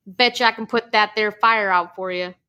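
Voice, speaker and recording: Woman doing a scrawny country guy, thick folksy drawl, bright voice. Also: mid-range voice, fairly even intonation, normal speed, lightly acted. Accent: put-on Southern US country. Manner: folksy drawl, effortful put-on accent.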